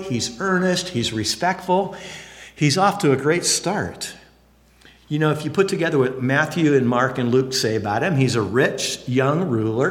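A male pastor preaches in an earnest, conversational manner, with a slightly higher voice. His pitch rises and falls widely from emphatic peaks to quiet lows. A long hall reverb trails his words. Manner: earnest, conversational, swings between high emphatic and low quiet phrases. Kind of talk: sermon.

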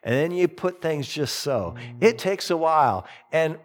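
A male pastor delivering a sermon, his voice sitting a little high for a man and swinging widely in pitch. He is middle-aged and animated, and he slips into quick impressions when he tells a story.

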